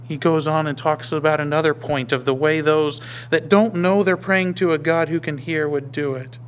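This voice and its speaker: A male pastor preaching a sermon, emphatic, swinging between raised declarations and hushed whispers. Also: on the high side, fairly even intonation, normal speed, a little hiss or hum.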